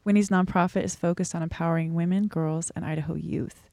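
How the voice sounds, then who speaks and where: A woman's voice: on the low side, fairly even intonation, quick pace, dark tone, dry recording. A woman hosting a podcast, reading a scripted introduction and then interviewing her guest attentively. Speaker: podcast host.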